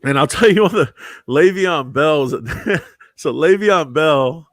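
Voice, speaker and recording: A man in casual chat, telling old security-guard stories with lively delivery that jumps up and down for each character he quotes. His voice sits mid-range and sounds close and dry, with no room around it. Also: a little high, slow pace, dry recording. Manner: animated storyteller acting out quotes, says bro and dude.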